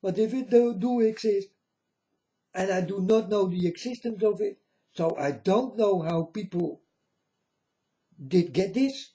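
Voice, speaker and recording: High-voiced, scornful man ranting. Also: measured pace, pauses often, warm tone. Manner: blunt, scornful, preachy. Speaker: channel host. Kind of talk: ranting monologue. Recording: dull lo-fi recording.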